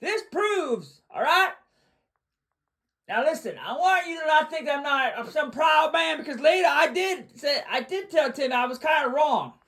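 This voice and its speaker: A man hosting a livestream, ranting boastfully and repeating himself, often bursting into shouts. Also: very high-pitched, lively intonation, measured pace, vocal fry. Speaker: livestream host.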